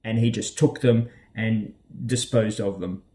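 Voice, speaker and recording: Australian man, casual vlog, rambling, hesitant, lots of fillers, mid-pitched voice. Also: steady tone, measured pace, warm tone. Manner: rambling and hesitant, with many ums and uhs. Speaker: vlogger.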